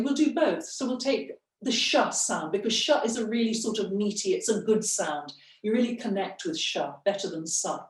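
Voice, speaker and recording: A middle-aged voice coach, female, takes a group through breathing exercises, demonstrating and offering encouragement. Her pitch is fairly high, her tone darkish, and the recording sounds roomy and off-mic.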